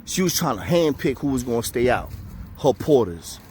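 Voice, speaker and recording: A man's voice: medium pitch, normal speed, a little hiss or hum. A man telling a jail story to camera in casual street slang, acting out the voices of the people in it. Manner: animated, acts out quoted voices, profane street slang. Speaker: storyteller recounting jail time.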